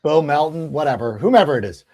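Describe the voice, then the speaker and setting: Animated male sports podcast host. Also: on the high side, fast. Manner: animated, rambling with restarts. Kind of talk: casual sports talk.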